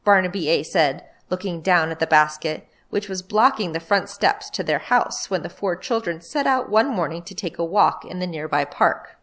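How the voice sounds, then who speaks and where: A librarian reading a children's book aloud, a woman telling the story in a lively way. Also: on the low side, normal speed, hardly any pauses.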